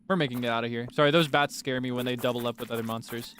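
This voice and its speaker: A young man streams a game and chats casually, sounding nervous as he scolds on-screen monsters and laughs at himself. His mid-range, fairly bright voice is very fast but fairly even in intonation. Game music plays, with a little hiss or hum.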